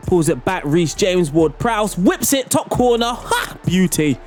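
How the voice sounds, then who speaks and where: Excitable high-voiced gaming commentator. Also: male voice, measured pace, faint music behind. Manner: animated, laughing, playful play-by-play. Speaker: gaming YouTuber. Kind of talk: excitable football game commentary.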